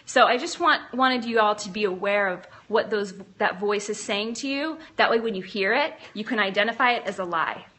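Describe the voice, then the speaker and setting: A woman's voice: mid-range voice, a little fast, hardly any pauses, sharp tone. A woman hosting a live phone stream, chatting and encouraging viewers, reading out their comments with frequent ums and restarts. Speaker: livestream host. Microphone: phone camera.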